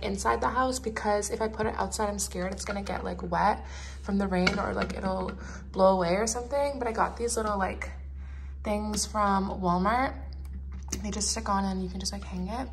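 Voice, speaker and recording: A woman's voice: medium pitch, creaky. A young woman chatting casually in a home vlog, bubbly and gushing, with frequent "like" fillers. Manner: bubbly, gushing, uses "like" often. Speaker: lifestyle vlogger. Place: at home, indoors. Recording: noticeable background noise.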